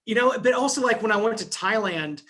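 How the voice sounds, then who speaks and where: A man's voice: high voice, lively intonation, a little fast, pushed and bright. A man hosting an interview, talking in a laid-back way with rambling asides. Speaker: interview host. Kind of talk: casual interview conversation.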